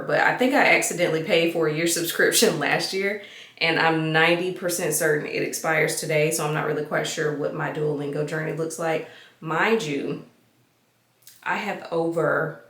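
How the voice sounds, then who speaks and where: A woman's voice: low voice, a bit bright. Woman vlogger, casual self-mocking chat, roomy echo. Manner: chatty, self-mocking, talks to viewers as y'all.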